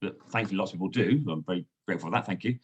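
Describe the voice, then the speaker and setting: A man, a sales trainer and guest, coaching in a lively, emphatic way. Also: low-pitched, rapid-fire, slightly rough. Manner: lively, emphatic coaching with frequent "you know". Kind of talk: coaching conversation.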